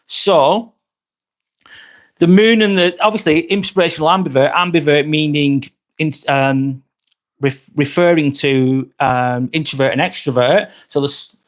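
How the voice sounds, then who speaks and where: Lancashire man, YouTuber on a live stream, rambling and earnest, lots of self-corrections. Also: medium pitch. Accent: Lancashire (Blackburn). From Lancashire, northwest England. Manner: rambling and reflective, frequent restarts and self-corrections. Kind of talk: casual live-stream monologue.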